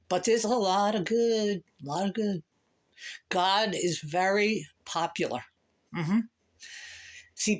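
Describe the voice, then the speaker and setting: A woman vlogging a rambling, profane monologue to camera, emphatic and animated. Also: low-pitched.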